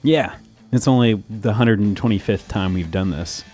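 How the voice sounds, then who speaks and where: A man's voice: lowish voice, normal speed, a little mellow, soft background music. Chatty man hosting a tech podcast. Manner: chatty, laughs often, many fillers. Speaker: podcast host. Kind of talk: casual tech podcast chat.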